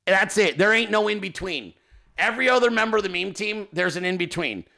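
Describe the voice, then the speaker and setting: A man hosting a podcast in casual, profane, joking chat, quick to laugh. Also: high voice, lively intonation, gravelly, bright, forceful tone. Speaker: podcast host.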